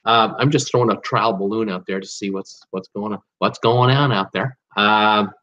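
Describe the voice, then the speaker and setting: A man's voice: lowish voice, normal speed, pushed and bright, muffled recording. A man from Canada hosting a casual live cruise show, chatty and rambling with lots of fillers. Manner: chatty, rambling, self-deprecating, many fillers. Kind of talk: casual live-stream chat.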